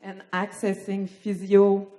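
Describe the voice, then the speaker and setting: A woman who works as a nurse and outreach worker, asking a halting question at a conference in a slightly shaky voice. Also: mid-range voice, monotone, mellow. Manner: halting, many fillers, nervous.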